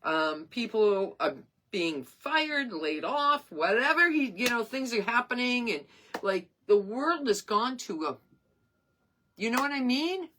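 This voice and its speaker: A woman's voice: fairly high pitch, animated, measured pace, bright, forceful tone, a little hiss or hum. A woman in her sixties hosting her craft page live, chatting in a rambling, earnest and emotional way. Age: 60s. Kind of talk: casual live-stream chat.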